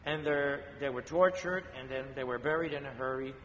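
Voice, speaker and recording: A male priest telling a saint's story in a homily, slow and measured, with pauses and fillers. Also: medium pitch, fairly bright tone. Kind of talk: homily on a saint's feast day. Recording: long church reverb, faint background noise.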